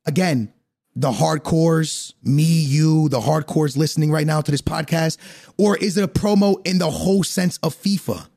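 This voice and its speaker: A man hosting a casual livestreamed podcast, excitable and pushy, often calling people "bro". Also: on the high side, normal speed, gravelly. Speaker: podcast host.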